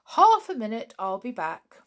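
A woman's voice: a little high, huge pitch swings, unhurried. A woman voicing a bold, hearty male wooden soldier captain in a children's story.

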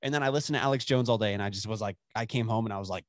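A man's voice: fairly low pitch, rapid-fire, no echo, clean studio sound. A man in his twenties from West Texas, rambling and swearing freely in casual chat, laughing often. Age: 20s.

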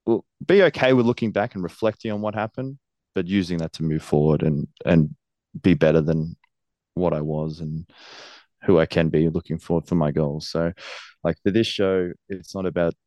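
Deep-voiced wrestler. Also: male voice, moderate pace, warm tone, no room sound. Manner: earnest, laughs often. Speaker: professional wrestler, guest. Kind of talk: casual interview.

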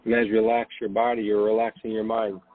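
A man hosting a late-night spiritual podcast, gently reassuring listeners and guiding them to breathe and relax. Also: on the low side, level tone, fast, no room sound. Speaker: podcast host. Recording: dry, phone-like narrow sound.

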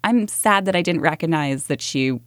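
A woman's voice: sits low, animated, normal speed, no echo, clean studio sound. A woman hosting a podcast interview, talking in a candid, reflective way. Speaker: podcast host.

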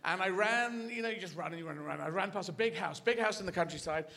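High-voiced male stand-up comedian. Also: quick pace, bright, forceful tone. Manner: rambling, playful storytelling. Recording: live show with clear crowd noise.

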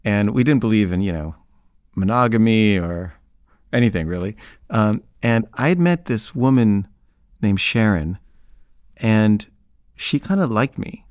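A man's voice: lowish voice, lively intonation, a little slow, long pauses, clean tone, dry recording. A man telling a personal story in a casual, rambling way, with frequent filler words. His intonation swoops widely up and down as he talks. The recording is dry and close, with no room sound.

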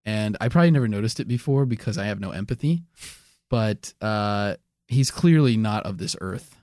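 A man co-hosting a comedy podcast, telling an absurd story in a rambling, deadpan way full of fillers. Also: fairly low pitch, normal speed, no room sound, clean studio sound. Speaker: podcast co-host. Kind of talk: casual storytelling.

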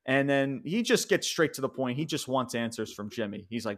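A man co-hosting a podcast, recapping a wrestling show in an excited, rambling way with restarts and casual swearing. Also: mid-range voice, brisk. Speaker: podcast co-host.

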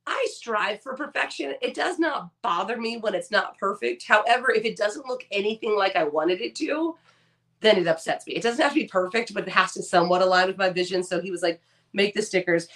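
A woman's voice: medium pitch, a bit bright, recorded from a distance. Woman co-host, a little off-mic. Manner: self-deprecating, dry quips. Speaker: podcast co-host. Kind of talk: casual chat.

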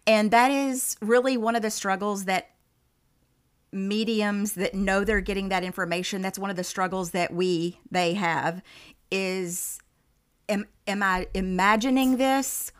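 A woman's voice: medium pitch, a little slow, smooth. A woman, a medium, telling a vivid story as a podcast guest and acting out the voices in it. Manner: animated storyteller, acts out quoted dialogue.

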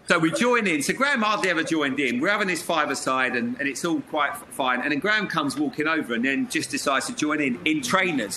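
A man's voice: mid-range voice, background noise. A middle-aged man, a former footballer, telling stories in an interview and often laughing as he talks. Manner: laughs through his stories. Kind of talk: anecdotal interview storytelling.

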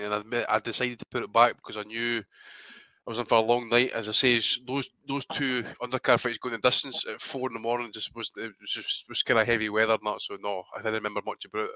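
Fast, bright-voiced sweary man. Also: lowish voice, no room sound. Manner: rapid, sweary banter with laughter. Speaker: podcast co-host. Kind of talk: casual boxing chat.

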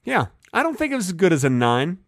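A man co-hosting a casual comedic podcast chat, joking in a playful, deadpan way. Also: high-pitched, fast talker, dry recording, clean studio sound. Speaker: podcast co-host.

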